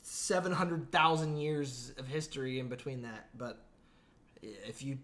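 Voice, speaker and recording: A man co-hosts a casual comedy podcast, rambling, laughing often, and occasionally mimicking accents in mock voices. His mid-range voice is unhurried and a bit bright.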